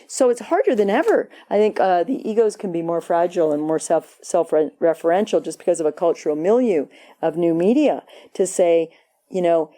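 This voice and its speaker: A woman's voice: lowish voice, lively intonation, normal speed, warm tone. A woman meditation teacher giving a conversational, playful dharma talk at a retreat, acting out quoted voices. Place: retreat hall.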